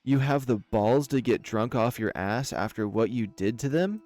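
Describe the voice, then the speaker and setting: A man voicing a towering, furious female lioness clan leader, speaking slowly and seething. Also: mid-range voice, animated, darkish tone, dry recording, lightly acted. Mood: enraged. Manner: slow, seething delivery.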